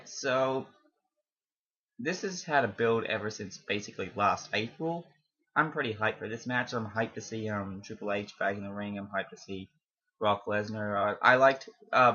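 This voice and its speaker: A man's voice: medium pitch, pushed and bright. A young man, not from America, casually rambling through his wrestling predictions with lots of fillers and self-amused asides. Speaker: wrestling fan vlogger. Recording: dull lo-fi home recording.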